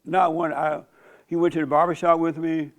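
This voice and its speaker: A man's voice: fairly high pitch, level tone, normal speed. An older man hosting a church discussion, talking in a folksy, joking way and laughing often. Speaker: host leading a church discussion. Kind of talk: casual preaching talk.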